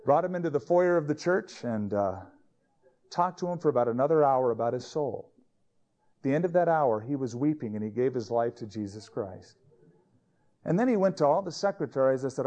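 A man's voice: on the high side, lively intonation, normal speed, warm tone. Conversational male pastor telling stories. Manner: conversational, anecdotal. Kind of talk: sermon storytelling.

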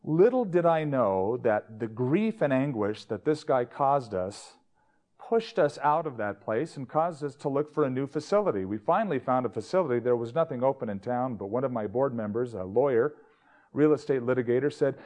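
A man's voice: mid-range voice, expressive, normal speed, a little mellow. A male pastor preaching a sermon in a conversational, anecdotal storytelling manner.

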